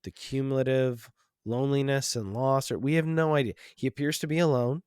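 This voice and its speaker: A man's voice: mid-range voice, steady tone, fairly quick, darkish tone, clean tone, dry recording, studio quality. A man hosting a film podcast, talking casually and reflectively with lots of restarts and "like"s. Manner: rambling, many restarts and fillers, reflective. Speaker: podcast host.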